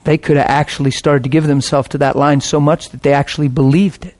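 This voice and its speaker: A man's voice: fairly high pitch, level tone, quick pace, darkish tone. A middle-aged man, a pastor, preaching a sermon in a passionate, conversational way.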